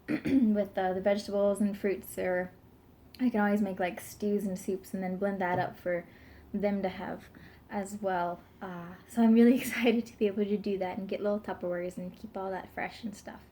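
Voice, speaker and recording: A woman's voice: mid-range voice, warm tone. A young pregnant woman in her twenties chatting casually to camera, rambling with lots of fillers and giggles. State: pregnant, burping now and then. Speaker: vlogger.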